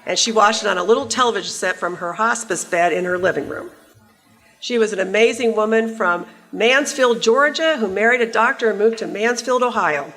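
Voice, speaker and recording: A woman's voice: mid-range voice, fairly quick, fairly bright tone. A woman in her sixties giving a conference keynote in a large hall, a wry, conversational storyteller who teases the audience. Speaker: keynote speaker.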